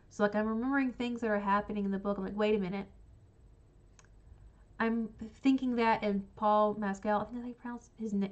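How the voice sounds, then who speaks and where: A woman's voice: medium pitch, muffled recording. A woman casually ranking books she has read on a stream, rambling with many fillers. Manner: rambling, frequent ums and likes. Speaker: book streamer. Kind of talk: casual book ranking chat.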